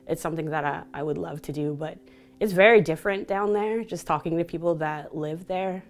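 A woman's voice: deep voice, brisk. A woman from Vancouver, a DJ and speaker, telling personal stories openly in an interview, often laughing. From Canada (Vancouver). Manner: open, reflective storytelling with frequent laughter.

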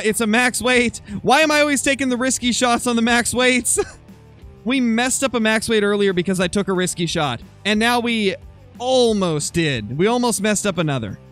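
A young man commentating his hunting game live on stream, excitable and quick to swing into loud frustration. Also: high-pitched. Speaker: gaming streamer.

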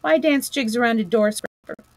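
A woman's voice: fairly high pitch, moderate pace, no echo, close to an everyday voice, low-quality recording. A woman voicing a small, fussy and pedantic male mole who speaks in a raised, plaintive way. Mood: puzzled.

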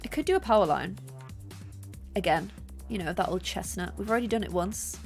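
A young woman streaming a building game, chatting casually and excitedly thanking her viewers. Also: mid-range voice, brisk. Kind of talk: casual gameplay livestream chat. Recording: faint music behind.

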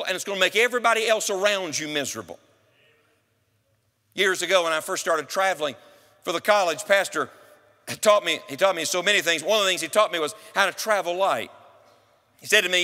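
Male preacher: higher-pitched, bright, very lively delivery, emphatic and direct with the congregation; church room reverb. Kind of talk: sermon. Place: church sanctuary.

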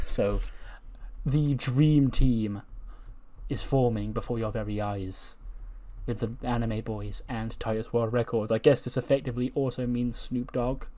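A man's voice: medium pitch, level tone, normal speed, warm tone. A young man hosting casual gaming commentary, rambling and chuckling as he recaps a wrestling booking sim. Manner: rambling, chuckling, self-correcting. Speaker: gaming video host.

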